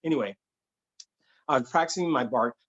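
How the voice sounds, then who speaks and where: A man telling a funny true story to an audience, animated and conversational, slipping into voices. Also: medium pitch, normal speed, breathy edge, highs cut off. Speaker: solo performer and storyteller. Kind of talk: comedic live-streamed storytelling.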